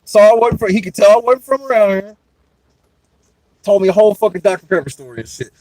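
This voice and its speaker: Profane, animated young man telling stories. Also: sits high, quick pace, dry recording, poor audio. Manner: profane, animated, laughing storyteller. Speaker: podcast host. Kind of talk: casual storytelling chat.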